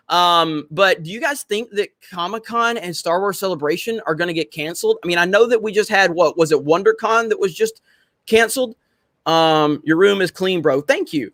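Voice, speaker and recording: A man's voice: high-pitched, sharp tone, no room sound, clean studio sound. A man hosting a live stream, chatting casually and bantering with viewers in a brash, profane way.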